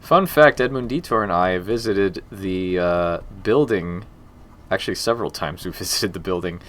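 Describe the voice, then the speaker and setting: A man's voice: deep voice, normal speed, a bit bright. A man in his forties chatting casually on a live stream while he works on a game, rambling with jokey asides and muttering to himself as he goes.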